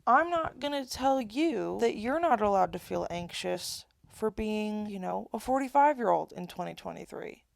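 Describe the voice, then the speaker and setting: A young woman in her twenties with a gravelly, creaky edge to her voice, venting to camera. She rambles and keeps restarting her thoughts. The sound is close and dry, with no room around it. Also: medium pitch, lively intonation, normal speed, few pauses, no echo. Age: 20s. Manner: rambling, self-interrupting, candid. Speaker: vlogger. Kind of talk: casual confessional monologue.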